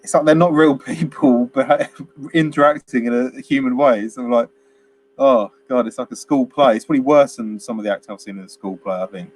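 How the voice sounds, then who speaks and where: A man's voice: medium pitch, brisk, a little mellow. A man co-hosting a casual film chat, rambling through scenes, laughing often and acting out bits of dialogue. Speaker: film podcast co-host.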